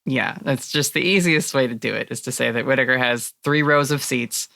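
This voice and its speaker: A woman acting as game master, narrating a tabletop role-playing game in a lively way and laughing often. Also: very deep voice, moderate pace, vocal fry, no room sound, clean studio sound.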